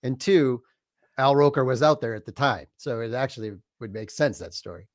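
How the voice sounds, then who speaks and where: A man's voice: mid-range voice, moderate pace, dry recording. A man chatting from off camera as the show's producer, making wry asides. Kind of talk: casual chat from off camera.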